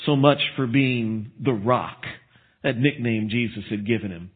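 Male preacher, animated storytelling sermon, narrow tinny recording. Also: on the low side, measured pace, slightly rough. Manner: animated storytelling with asides and chuckles. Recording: tinny phone-like sound.

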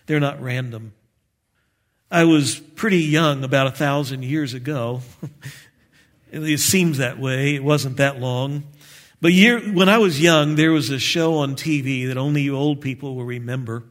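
A man preaching a sermon as pastor, measured and earnest with light touches of humor. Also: mid-range voice, steady tone.

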